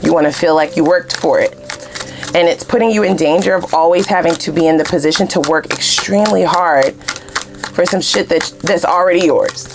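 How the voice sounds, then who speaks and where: A woman with a fairly low voice gives a tarot reading as if chatting with a friend. She is blunt and swears freely, keeps checking in with "you know what I'm saying", and suddenly leaps up into loud, high exclamations. A faint hiss sits under her voice. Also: brisk. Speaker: tarot card reader. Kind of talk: casual tarot reading chat.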